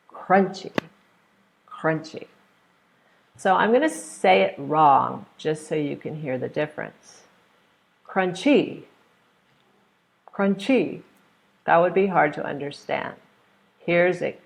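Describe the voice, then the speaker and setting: Slow, gravelly-voiced American woman teacher. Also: sits low. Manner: patient, repeats example words with clear emphasis. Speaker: English pronunciation teacher. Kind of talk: online pronunciation lesson.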